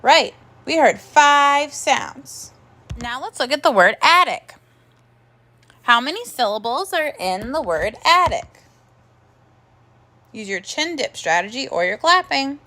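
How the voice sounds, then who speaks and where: A woman teaching a first grade phonics lesson, slowly sounding out words and praising the children. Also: on the high side, animated, pushed and bright. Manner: slow, clear, encouraging teacher talk with drawn-out sounds.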